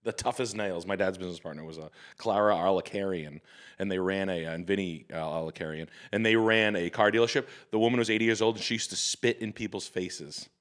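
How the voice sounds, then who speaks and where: A man's voice: deep voice, quick pace, fairly bright tone. A man telling rambling, profane stories as a guest on a casual podcast chat. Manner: rambling, profane storytelling with laughs. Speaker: guest comedian.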